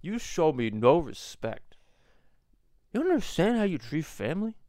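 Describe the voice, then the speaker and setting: A man playing an offended movie producer, sliding into a rough mob-boss impression. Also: on the high side, sing-song, unhurried, darkish tone, no room sound, clean studio sound. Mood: indignant. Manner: mock-indignant, gravelly mob-boss impression.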